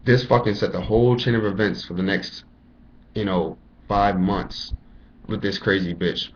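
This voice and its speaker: Young man, lowish voice, profane rambling storyteller, muffled lo-fi webcam sound. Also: normal speed, a little hiss or hum. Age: young adult. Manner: profane, rambling, lots of "you know" fillers. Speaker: college student telling his story. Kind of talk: casual storytelling rant. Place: indoors at home, dim room.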